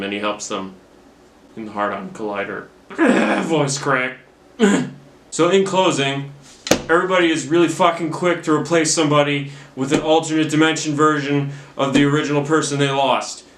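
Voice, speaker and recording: A man's voice: mid-range voice, a little fast, fairly bright tone, a little hiss or hum. A young man rambles through a movie recap, swearing freely and poking fun at himself. He talks in an ordinary mid-range voice straight into a camera mic. The room around him rings with noticeable echo. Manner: rambling, profane, self-mocking. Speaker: movie reviewer. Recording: roomy camera-mic recording.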